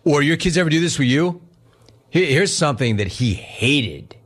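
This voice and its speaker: A man's voice: fairly high pitch, normal speed. A middle-aged man hosting a sports radio show, chatting casually through listener questions and acting out the dialogue in his stories. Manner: animated storytelling, acts out quoted dialogue.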